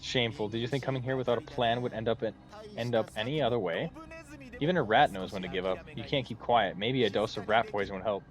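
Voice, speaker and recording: A man's voice: fairly low pitch, fast talker, soft background music, lightly acted. A man voicing a contemptuous male official in a game, reading his mocking lines plainly in his own voice. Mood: scornful. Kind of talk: dramatic reading of game dialogue.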